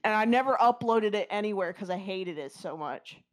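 A man's voice: sits high, expressive, moderate pace. A man co-hosting a podcast over an online group call, chatting casually, laughing often and swearing freely. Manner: giggly, bantering, swears freely. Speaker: podcast co-host. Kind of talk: casual chat.

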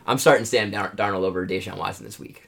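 Low-voiced man chatting with buddies. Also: fairly even intonation, fast talker, creaky, a bit bright. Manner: laughs often, chimes in. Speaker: podcast co-host. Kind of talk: casual sports chat.

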